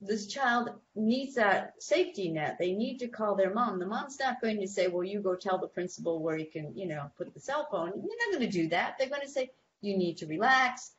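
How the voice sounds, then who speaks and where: A woman's voice: medium pitch, moderate pace, dull audio, slight background noise. A woman giving practical advice to parents on a talk show, telling stories and acting out the people she quotes. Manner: animated storytelling, acts out quoted people. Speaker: guest behavior expert.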